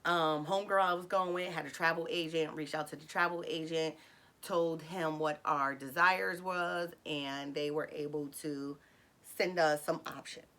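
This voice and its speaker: A woman casually telling a personal story, animated, acting out dialogue in sudden high excited bursts, with frequent fillers and self-corrections. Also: normal speed. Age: adult with a son.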